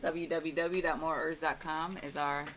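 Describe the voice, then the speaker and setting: A woman's voice: deep voice, little pitch movement, normal speed, a bit bright, a little hiss or hum. A woman guest on a radio show, plainly and matter-of-factly explaining her cooking, in a radio studio. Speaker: guest, vegan restaurant owner. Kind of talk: casual interview answers.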